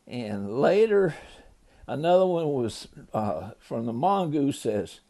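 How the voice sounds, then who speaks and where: A man's voice: medium pitch, sing-song, slow pace, vocal fry, warm tone. An older man, a grandfather, loosely retelling a children's story to a grandchild, ad-libbing with small slips.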